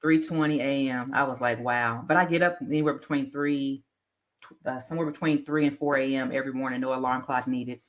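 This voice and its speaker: A woman's voice: a bass voice, fairly quick. A woman guest on a podcast, telling stories in a playful, colloquial way. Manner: animated, playful storyteller, colloquial. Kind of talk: casual chat.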